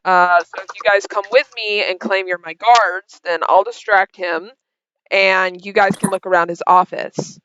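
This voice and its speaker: A woman narrating a tabletop game as game master, voicing characters with sudden high-pitched outbursts. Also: fairly even intonation, measured pace, fairly bright tone, smooth, highs cut off.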